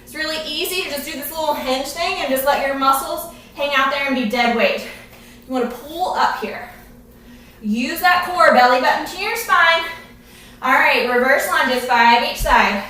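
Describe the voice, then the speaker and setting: A woman's voice: high voice, normal speed, bright, forceful tone, slight background noise. A woman fitness instructor coaching a workout live, encouraging and out of breath, filmed by a camera at a distance. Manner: encouraging, coaching while exercising. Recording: very echoey room, camera at a distance.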